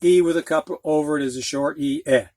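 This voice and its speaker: Speaking brisk and fairly even, this man has a fairly high, darkish voice and an American Midwest accent. He's giving a slow, explanatory reading lesson, plainly walking through dictionary pronunciation symbols and drawing out sounds as examples. There's no echo.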